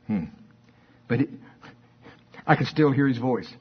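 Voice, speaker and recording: Husky-voiced man preaching a sermon. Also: mid-range voice, a little slow, long pauses, dull audio. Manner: fervent, reads scripture aloud.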